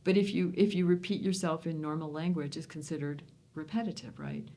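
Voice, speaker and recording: A woman's voice: sits low, brisk, mellow. A woman linguist, a guest on an interview, explaining ideas through examples in a thoughtful way.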